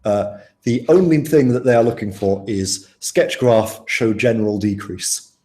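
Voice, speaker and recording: A man's voice: lowish voice, expressive, unhurried, mellow, roomy sound. A young man tutoring students through an exam paper in a casual, chatty way, asking them questions as he goes. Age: young adult. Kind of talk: live online tutoring session.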